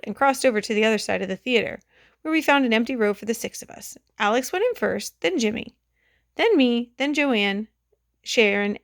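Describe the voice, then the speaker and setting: Gravelly woman narrating a storybook. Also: a little high, no echo, clean studio sound. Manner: lively first-person telling. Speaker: audiobook reader.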